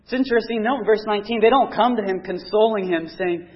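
A man's voice: high voice, quick pace. A man preaching a sermon, reading scripture aloud and explaining it earnestly, pressing harder on key points. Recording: dull lo-fi recording.

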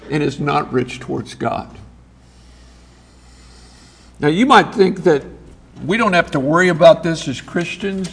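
A man preaching a sermon as pastor, reading scripture aloud with emphatic pauses. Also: sits high, gravelly.

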